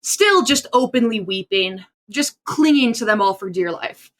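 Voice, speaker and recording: A woman player role-playing her character in a tabletop game, emotional and halting. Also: mid-range voice, lively intonation.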